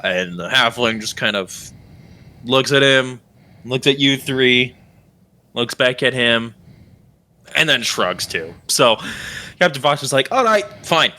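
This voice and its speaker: Bright-voiced rambling game master. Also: male voice, medium pitch, takes it slowly, pauses often. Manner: rambling, many fillers and restarts. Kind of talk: narrating a tabletop game.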